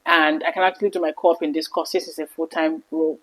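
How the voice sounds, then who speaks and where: A woman in her thirties telling a personal story to camera in an earnest, emotional vlog, her voice often dropping soft. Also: low voice, level tone, quick pace, low-quality recording. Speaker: vlogger.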